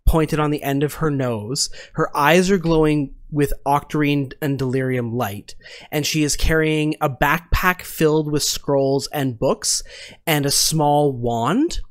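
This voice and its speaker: A man narrating a tabletop game as game master, in slow, descriptive narration. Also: on the high side, dry recording, studio quality.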